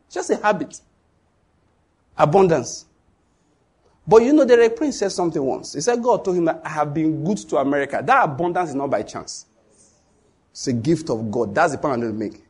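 A middle-aged man, preaching a sermon in an animated storytelling way. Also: on the high side, brisk, long pauses, slightly rough. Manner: storytelling, animated, with sudden loud acted outbursts. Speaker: pastor.

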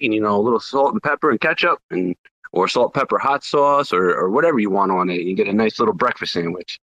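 Guy talking quick, matter-of-fact, dead dry muffled audio. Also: mid-range voice, fairly bright tone, no room sound. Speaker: guest. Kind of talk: casual chat.

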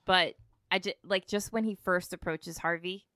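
A woman co-hosting a casual movie podcast, talking haltingly with trailing phrases. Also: on the low side, steady tone, bright, forceful tone, dry recording, clean studio sound. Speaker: podcast co-host.

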